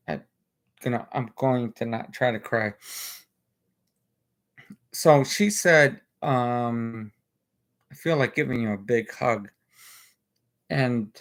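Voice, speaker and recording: Gravelly slow-talking man on a livestream. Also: medium pitch. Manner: halting, many restarts and fillers; earnest and emotional. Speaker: livestream host. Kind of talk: casual livestream monologue.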